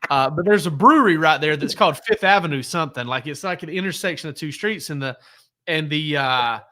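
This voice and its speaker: A man's voice: on the high side, expressive, fairly quick, pushed and bright. A man, a sports reporter, telling laid-back stories on a casual podcast, rambling with many fillers and restarts.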